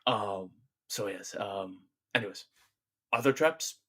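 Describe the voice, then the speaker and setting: Deadpan man with a bright voice. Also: fairly low pitch, takes it slowly. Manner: deadpan, matter-of-fact about absurd claims. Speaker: co-host. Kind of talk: improvised comedy bit. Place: inside a wall, muffled through a small hole.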